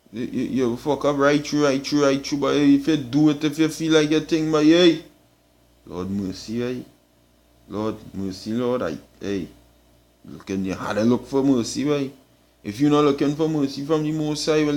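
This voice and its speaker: A man's voice: a little high, a little mellow. Emphatic Trinidadian man preaching. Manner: emphatic, repeatedly tags lines with "boy"; blunt, swears for emphasis. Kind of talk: informal street sermon.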